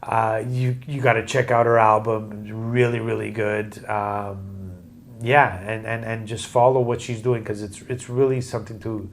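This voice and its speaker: A man's voice: on the low side, little pitch movement, moderate pace. A man hosting a podcast over a video call, chatting casually in a rambling, joking, self-deprecating way. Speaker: podcast host. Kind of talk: casual chat.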